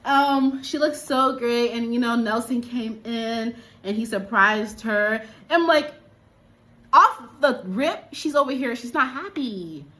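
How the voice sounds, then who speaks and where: Woman, from Liberia, casual film review, chatty, exclamatory, fairly high voice. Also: slow pace, pushed and bright.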